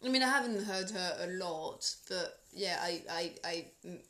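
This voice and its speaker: A woman's voice: on the low side, lively intonation, moderate pace, fairly bright tone, reverberant. A French woman speaking English with a French accent, chatting casually and teasingly as a podcast co-host. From France. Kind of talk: casual chat.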